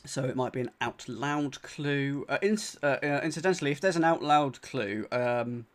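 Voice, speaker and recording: With a mid-range, slightly bright voice at a moderate pace, a UK streamer works through a crossword live. He talks to his chat casually, thinks aloud, repeats clues, and often restarts and uses fillers.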